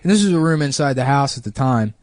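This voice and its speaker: A man in his thirties telling a long story in casual podcast chat, deadpan and offhand, full of fillers. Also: medium pitch, fast talker, dry recording, clean studio sound.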